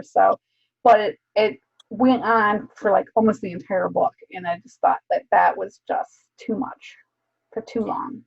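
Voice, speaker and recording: Woman rambling on in a book chat, raspy with a bit of fry, sounds kinda dull and lo-fi. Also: medium pitch, a little slow. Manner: rambling, many fillers. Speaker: book club co-host. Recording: dull lo-fi mic.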